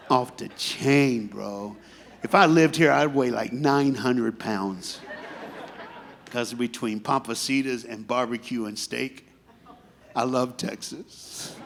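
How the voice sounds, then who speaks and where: A man preaching a sermon in a storytelling way, dropping to quiet asides and then rising to loud, shouted preaching. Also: medium pitch. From grew up in foster care. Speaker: guest preacher.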